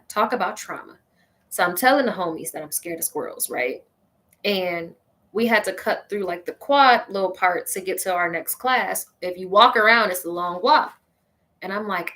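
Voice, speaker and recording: Bright-voiced animated woman storyteller. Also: on the low side. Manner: animated, exclaiming, talks straight to listeners. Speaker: host. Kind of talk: comedic personal storytelling.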